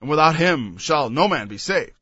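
A man's voice: on the high side, animated, moderate pace, sharp tone, husky, no room sound, muffled recording. A man preaching a Bible sermon, reading verses aloud and then explaining them with emphatic asides.

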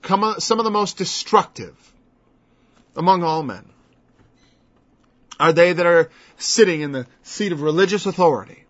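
A man teaching scripture in a relaxed, conversational sermon, with a voice a little above the usual male range. He keeps slipping into the voices of the people he quotes. The recording sounds dull and lo-fi. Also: high voice, normal speed, pauses often. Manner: conversational, acts out quoted speakers in changed voices. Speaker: preacher. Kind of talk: verse-by-verse Bible teaching.

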